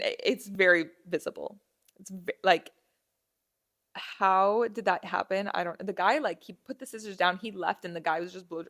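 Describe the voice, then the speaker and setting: A young woman hosting a podcast, telling a casual story with lots of fillers and restarts, acting out the people in it. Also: medium pitch. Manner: animated, acts out dialogue, many fillers and restarts. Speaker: podcast host.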